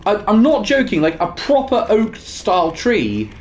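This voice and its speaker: A man's voice: high voice, huge pitch swings, normal speed, a little hiss or hum. A young man chatting casually while gaming, telling rambling stories with many fillers and restarts. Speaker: gaming co-host.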